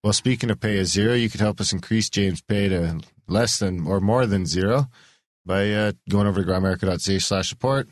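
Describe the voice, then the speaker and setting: A man's voice: on the low side, brisk, dry recording, clean studio sound. A man hosting a podcast in casual chat, rambling and swearing freely. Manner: rambling, swears often, restarts a lot. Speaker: podcast host.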